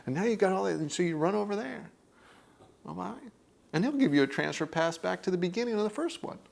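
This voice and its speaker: A man's voice: high-pitched, lively intonation, fast talker, gravelly. A man teaching a workshop group in a conversational way. He often checks in with "okay?" and acts out inner voices while he explains.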